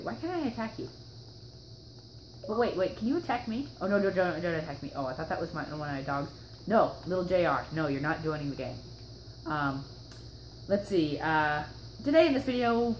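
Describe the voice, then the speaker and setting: With a lower-pitched voice and a slightly sore throat, a young female gaming host rambles through casual gameplay commentary, using plenty of fillers. Background music and a roomy echo fill the recording, along with slight background noise.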